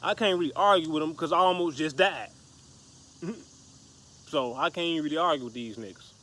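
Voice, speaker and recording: A man's voice: fairly high pitch, a little fast, sharp tone. A man casually telling a story to the camera, profane and slangy, rambling with restarts. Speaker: vlogger.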